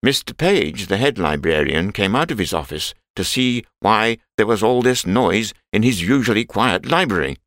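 A man narrating a simple storybook in a clear, measured reading voice. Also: on the low side, lively intonation, a bit bright, dry recording, studio quality.

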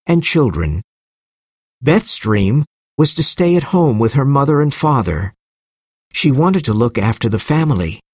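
A man narrating a simple storybook in a clear, measured reading voice. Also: mid-range voice, darkish tone, no room sound, clean studio sound.

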